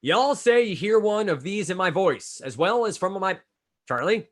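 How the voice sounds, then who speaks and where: Male quiz host, slightly high, very animated delivery, brisk and chatty. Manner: brisk, chatty, calls on players by name. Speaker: trivia quizmaster. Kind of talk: reading trivia clues and scoring answers.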